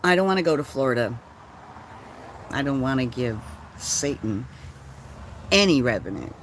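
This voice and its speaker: An older woman with a bass voice talks casually at a moderate pace on her vlog, which she films from her converted school bus. She's outspoken and foul-mouthed, spinning spirited stories over a faint hiss or hum.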